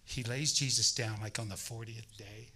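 Male guest preacher, sermon, bright tone, animated storyteller. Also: on the low side, normal speed, rough recording. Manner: animated storytelling, acting out voices.

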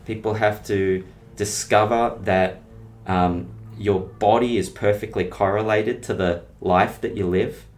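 A man's voice: on the low side, fairly even intonation, a little slow. A middle-aged man, a health coach explaining his methods with analogies and stories in a casual interview. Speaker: health and weight-loss coach.

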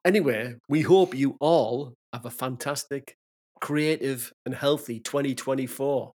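A podcast co-host with a husky voice at a middle pitch. He talks in a chatty, friendly way and laughs easily. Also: a little slow, darkish tone. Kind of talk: casual chat.

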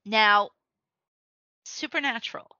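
A playful woman co-hosting a casual podcast, setting up scenes for her partner. Her voice is bright and forceful. The recording is dry and slightly muffled. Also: a little high, slow pace, no echo. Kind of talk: casual fan chat.

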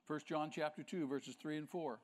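A man's voice: a little high, steady tone, moderate pace. A male pastor preaching a sermon with emphasis, asking the congregation rhetorical questions.

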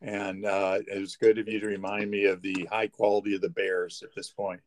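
A man's voice: fairly low pitch, level tone, normal speed, slight background noise. A man co-hosting a casual chat, teasing dryly and often repeating and restarting words. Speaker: co-host. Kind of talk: casual banter.

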